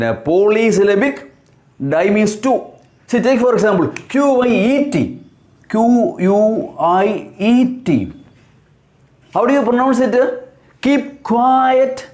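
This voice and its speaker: A man teaching English, explaining words slowly, spelling them out letter by letter and repeating key terms. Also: high voice, a little mellow. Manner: asks and answers his own questions. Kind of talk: slow explanatory lesson.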